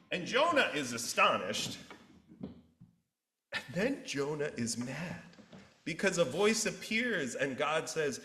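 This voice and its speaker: Male pastor preaching in a church, animated storyteller, unhurried delivery, roomy echo. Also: fairly high pitch. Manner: animated storyteller acting out characters. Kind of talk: sermon storytelling. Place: church sanctuary.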